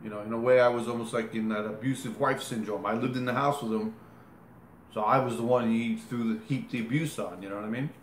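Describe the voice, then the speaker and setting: Here a man with a mid-range, steady voice talks at a quick pace, telling an interviewer a long, meandering story from his life. He keeps correcting himself and acts out motions with gestures, and the echoey room carries faint ambience and slight background noise.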